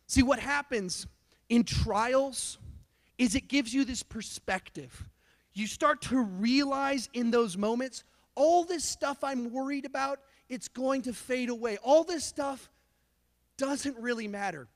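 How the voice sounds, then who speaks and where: A youth pastor giving a sermon in a casual, chatty way, filled with "like". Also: male voice, extremely high pitch, expressive, unhurried. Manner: casual, chatty preaching with lots of "like". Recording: long hall reverb.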